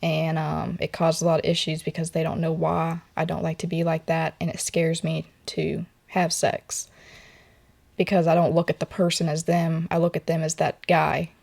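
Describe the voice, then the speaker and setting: Soft-spoken young woman, flat voice. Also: low-pitched, gravelly. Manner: soft, halting, many filler words. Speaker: portrait model interviewee. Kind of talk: personal storytelling conversation. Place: artist's studio.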